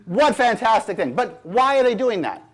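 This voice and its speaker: Emphatic high-voiced man giving a speech. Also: big pitch swings, normal speed, breathy edge. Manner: emphatic, sarcastic lecturing. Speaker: speaker. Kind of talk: public speech.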